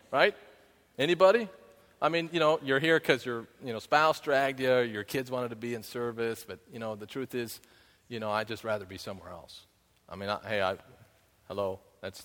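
At a normal speed and with a slightly bright, medium-pitched voice, a man leads a conversational sermon. He frequently asks those gathered "right?" and sings snatches of songs. The church sanctuary adds a long hall reverb.

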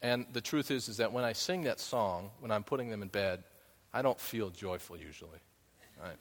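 A man's voice: lowish voice, normal speed. A man preaching in a reverberant church. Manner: conversational, keeps asking "right?", sings snatches of songs. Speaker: pastor. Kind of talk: sermon. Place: church sanctuary. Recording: long hall reverb.

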